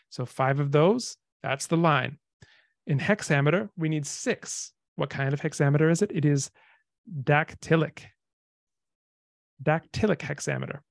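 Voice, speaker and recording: A man giving an informal lecture, relaxed and explanatory, pausing on frequent ums. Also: on the high side, creaky, no echo, studio quality.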